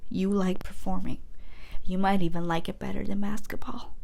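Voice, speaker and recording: A woman voicing a sly older male drama teacher, speaking in a hushed half-whisper. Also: mid-range voice, flat delivery, normal speed, vocal fry. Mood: coaxing.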